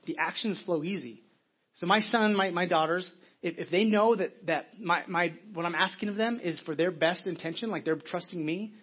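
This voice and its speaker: A man's voice: sits high, husky, muffled recording. A middle-aged man, a pastor, preaching an earnest, conversational sermon with frequent restarts.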